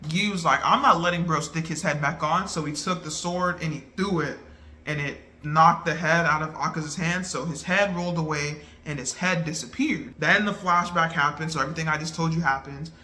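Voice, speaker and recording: A man casually reviewing an anime movie in an animated, slangy, excitable way. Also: on the high side, moderate pace. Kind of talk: casual chat.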